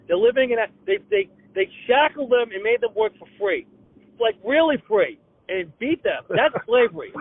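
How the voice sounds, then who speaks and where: An older man rants in a high, lively voice, tripping over repeated words as he pushes on. He comes through a tinny, dry phone line. His pitch swings widely between lines. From Boston area. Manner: fast ranting with stammered restarts. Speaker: comedian guest. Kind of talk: ranting comedic phone chat.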